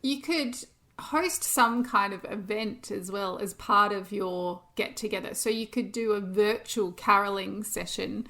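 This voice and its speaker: Woman cohost, casual chatty, bit of vocal fry, laughs a lot. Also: medium pitch, a little slow, hardly any pauses, bright, forceful tone. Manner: chatty, practical, laughs often. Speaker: podcast co-host. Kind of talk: casual chat.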